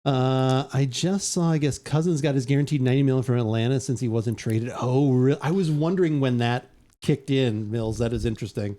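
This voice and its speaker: A man's voice: medium pitch, a little fast, dark tone. A man co-hosting a live podcast, chatting casually and animatedly as he tastes beers. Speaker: podcast co-host. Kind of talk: casual chat, beer tasting.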